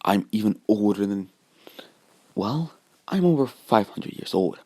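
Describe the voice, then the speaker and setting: A man voicing a cold, ageless young man who speaks calmly and cockily, delivering the lines in a loose, halting way. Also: on the low side. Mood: taunting. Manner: loose, halting quoted dialogue.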